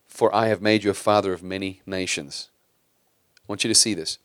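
Low-voiced male pastor preaching. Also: fairly even intonation, brisk, fairly bright tone, no echo, studio quality. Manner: conversational preaching with rhetorical questions. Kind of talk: sermon.

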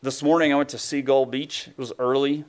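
A male pastor preaching in a loose, conversational way, full of "like" and "you know", who gets animated when he acts out what God says. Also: mid-range voice, a little fast. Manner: animated, acts out God's voice with rising emphasis. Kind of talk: sermon.

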